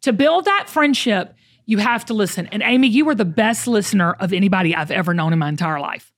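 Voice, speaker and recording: A woman with a medium-pitched voice talks a little fast as she hosts a casual chat with a friend. She's animated, emphatic and preachy, acting out the quotes she relays.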